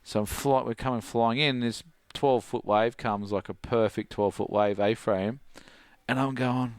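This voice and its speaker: A middle-aged Australian man, a surf coach, telling a story in casual chat, animated and laughing, full of "like". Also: mid-range voice, a little slow, clean tone, no room sound. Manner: animated, laughing, heavy use of "like".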